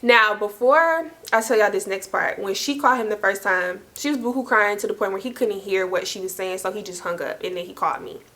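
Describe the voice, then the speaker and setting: A young woman vlogger telling a story in casual, slangy speech, lively and quick to laugh. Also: mid-range voice. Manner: animated, slangy, laughing as she tells it.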